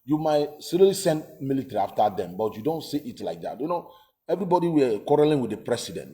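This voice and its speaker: A man's voice: medium pitch, big pitch swings, fast talker, mellow. A man giving emphatic, casual political commentary, repeating himself and asking rhetorical questions.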